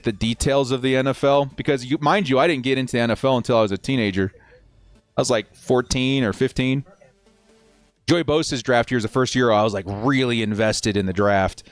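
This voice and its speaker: A man in his thirties hosting a live football watch party, chatting with viewers and calling plays, getting loud and fired up at big moments. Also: mid-range voice, clear, resonant tone, dry recording. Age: 30s. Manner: excitable, talks fast, shouts at plays. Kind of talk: live sports watch-along commentary.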